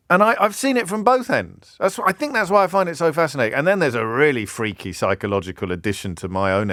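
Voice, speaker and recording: Hosting a radio phone-in, this middle-aged Englishman muses in a conversational way, frequently starting sentences over before rising into passionate questions. He has a mid-range, fairly bright voice, recorded with studio quality and no echo.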